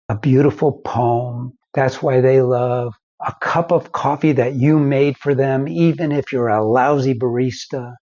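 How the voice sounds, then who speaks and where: A man's voice: medium pitch, fairly even intonation, dark tone, lo-fi sound. An older man, a marriage counselor and founder, giving folksy advice to the camera and acting out little stories. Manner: slow, folksy storytelling with acted-out quotes.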